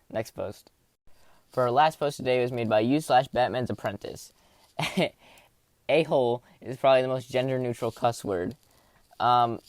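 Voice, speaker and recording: A man's voice: mid-range voice, a little mellow, no echo. A young man talking casually about online posts, rambling and poking fun at himself, with frequent laughs. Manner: rambling, self-deprecating, laughs often. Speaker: YouTuber reading Reddit posts. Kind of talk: casual commentary on reading posts.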